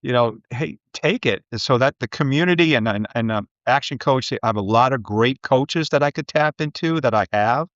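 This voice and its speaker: A man's voice: mid-range voice, moderate pace, few pauses, no room sound, highs cut off. A man, a business coach, telling stories in a podcast interview and acting out the people he quotes. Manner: lively storyteller who acts out quoted people.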